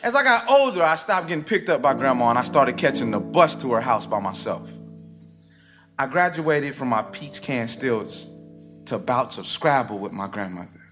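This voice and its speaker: A man performing a personal story live on stage, with a rhythmic, theatrical delivery that swings sharply in pitch and loudness. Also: lively intonation, normal speed. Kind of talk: live spoken-word storytelling. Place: stage before a live audience. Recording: live stage recording with music bed underneath.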